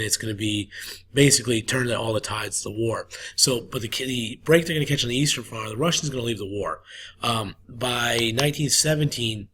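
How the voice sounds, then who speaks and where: A man's voice: lowish voice, a bit bright, a little hiss or hum. A man teaching a history lesson in a casual, repetitive way with lots of fillers, coughing now and then. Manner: casual, repeats himself, many fillers. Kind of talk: recorded classroom lecture.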